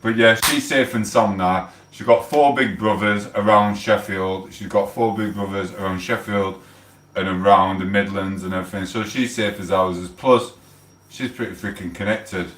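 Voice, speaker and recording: A man's voice: fairly low pitch, steady tone, moderate pace, a bit bright. A man, rambling and swearing in a heated rant on a casual livestream. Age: 40s. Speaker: livestream host. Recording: echoey room, mic held far off.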